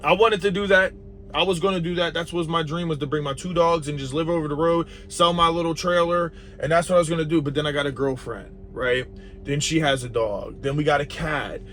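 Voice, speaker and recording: A man's voice: on the high side, steady tone, a little fast, a bit bright, slight background noise. A young adult man, a truck driver, talking bluntly and profanely in a casual vlog monologue.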